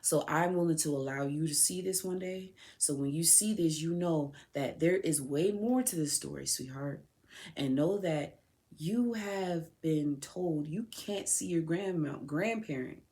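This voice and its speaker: A woman's voice: low voice, unhurried, a little mellow. A woman podcast host speaking directly to her son, raw, tearful and heartfelt. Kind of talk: emotional personal address to her son.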